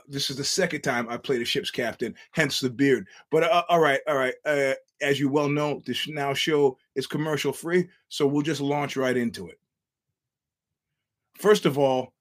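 A man's voice: a little high, fairly bright tone. A man hosting his own podcast, rambling through a wry, chuckling solo monologue with frequent restarts. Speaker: podcast host.

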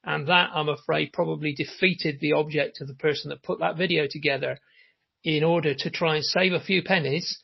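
A man's voice: on the high side, steady tone, a little fast, creaky, husky, muffled recording. A man hosting a casual interview podcast, chatty and full of fillers. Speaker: podcast host.

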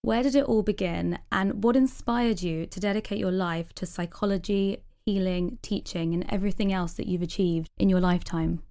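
A woman's voice: medium pitch, moderate pace, few pauses, mellow. Woman reading a formal host introduction. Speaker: podcast host. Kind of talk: scripted introduction and questions.

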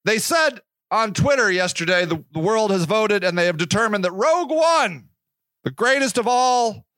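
Man, podcast host, rambling, profane, high voice, dry close mic. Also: expressive, normal speed, fairly bright tone, no room sound. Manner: rambling, profane, self-interrupting. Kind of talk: rambling solo podcast monologue.

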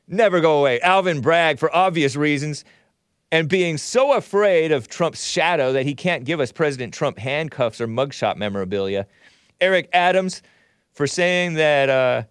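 A man's voice: medium pitch, clear, resonant tone, dry recording, clean studio sound. A man from Southern California hosting a talk show, reading viewer messages aloud with wry, sardonic asides.

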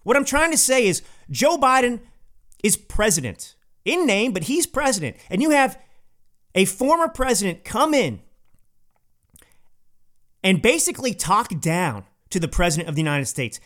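A man's voice: high voice, big pitch swings, normal speed, fairly bright tone. A male podcast host delivering an emphatic, indignant political opinion monologue, repeating points for stress.

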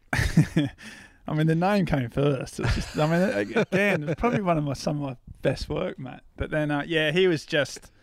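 A man's voice: on the high side, moderate pace, dry recording. A man who writes about surfing, chatting as a podcast guest, rambling and laughing at himself as he goes. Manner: rambling, laughing, self-deprecating. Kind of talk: casual interview chat.

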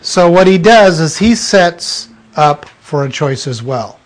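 A man's voice: a little high, animated, slow pace. A man preaching an informal sermon to a small group, blunt and emphatic, acting out little scenes.

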